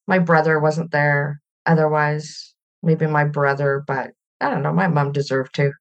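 A woman's voice: low-pitched, steady tone, a little slow, dull audio. A middle-aged woman from Canada, a podcast guest speaking reflectively in a conversational interview. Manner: reflective and warm, laughs while telling stories.

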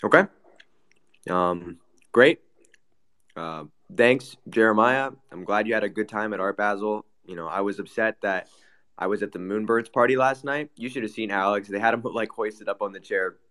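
A man's voice: lowish voice, normal speed, fairly bright tone. A man hosting a casual chat, teasing guests in an ironic way. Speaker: host.

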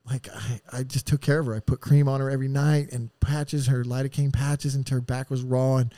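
A man's voice: medium pitch, fairly even intonation, brisk, dark tone, no room sound. Raw, profane man telling his story. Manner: raw, profane, heartfelt, with sighs and restarts. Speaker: podcast guest. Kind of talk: emotional personal storytelling.

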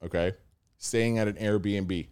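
A man's voice: on the low side, fairly even intonation, takes it slowly, darkish tone, smooth. A young American man telling a story in casual chat, acting out the people he quotes. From United States.

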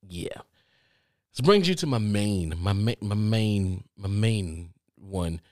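A man's voice: on the low side, darkish tone, dry recording. Emphatic male podcast host, dry sound. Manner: emphatic, repeats words when worked up. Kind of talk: casual commentary.

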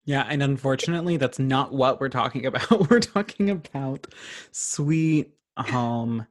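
A young man from Virginia talks through a film in a casual podcast chat. He is sarcastic and quick with comic asides, and his voice sits at an ordinary middle pitch. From Virginia, USA. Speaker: podcast co-host.

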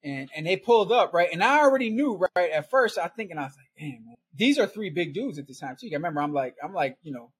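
A man's voice: high voice, animated, fast, hardly any pauses, slight background noise. A middle-aged man telling a long, rambling story in casual chat, laughing often and tagging "right?" and "man" onto his lines. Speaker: podcast guest storyteller.

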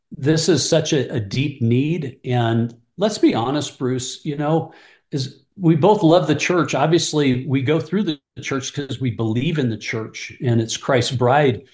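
In this reverberant recording, a middle-aged ministry leader with a mid-range voice shares mentoring stories in an interview. He earnestly voices both himself and the other person from past talks, animated and prone to restarting sentences.

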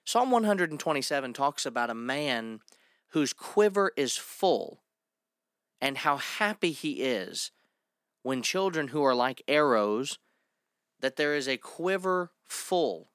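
A man's voice: mid-range voice, very animated, fairly bright tone, clean tone. A man delivers an emphatic sermon in a mid-range voice, drawing out the words he wants to land. He moves between his own points and passages read aloud from scripture. The sound is dry, with no room echo. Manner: emphatic, stretches key words slowly. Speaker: preacher.

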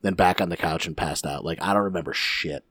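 Low-voiced male co-host, relaxed and joking, dry close recording. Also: brisk, no room sound. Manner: laid-back, profane, joking. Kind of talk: casual chat.

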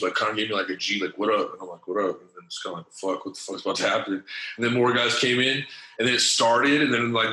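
Low-ish bright voiced guy telling a story, lots of slang and cussing, "like" everywhere, echoey room. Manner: slangy and profane, rambling with many fillers; acts out other people's lines in changed voices. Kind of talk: casual storytelling.

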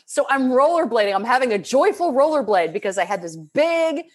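A middle-aged woman coaching and chatting in an expressive, animated way, often restarting her sentences. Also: sits high, breathy edge. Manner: expressive and animated, quick to laugh, frequent restarts. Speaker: transformational leadership coach. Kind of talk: casual podcast conversation.

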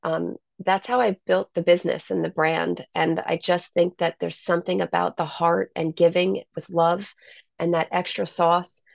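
A woman's voice: on the low side, flat delivery, moderate pace, creaky, no room sound. A woman who owns a salon, talking as a guest in a casual interview and telling stories with enthusiasm. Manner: enthusiastic storyteller. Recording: slightly muffled dry sound.

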